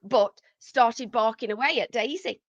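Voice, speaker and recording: A woman's voice: fairly high pitch, a little slow, dry recording. A woman co-hosting a podcast in blunt, sweary, chatty talk. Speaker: podcast co-host. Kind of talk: casual podcast chat. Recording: dull dry sound.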